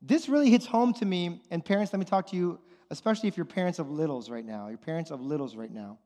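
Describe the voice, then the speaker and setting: High-voiced man preaching in an echoing hall. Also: animated, fast talker. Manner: conversational preaching, addresses parents directly, repeats phrases. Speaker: pastor. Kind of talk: sermon. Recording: long hall reverb with loud music underneath.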